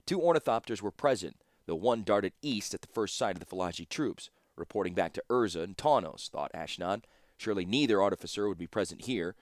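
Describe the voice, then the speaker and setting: A man narrating an audiobook in a measured, steady storytelling manner. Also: lowish voice, no echo, studio quality.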